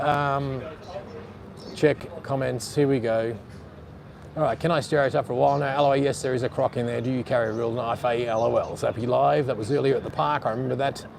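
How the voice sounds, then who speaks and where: A man's voice: mid-range voice, vocal fry, a little mellow, slight background noise. An Australian man live streaming outdoors in a city on a phone gimbal, rambling bluntly and swearing casually while reading out chat comments.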